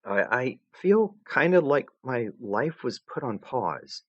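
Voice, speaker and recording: A man's voice: mid-range voice, sing-song, takes it slowly, no room sound, dull audio, pitched above the performer's own voice. A man voicing a brash teenage troll girl whose cocky talk turns shaky and full of stammers.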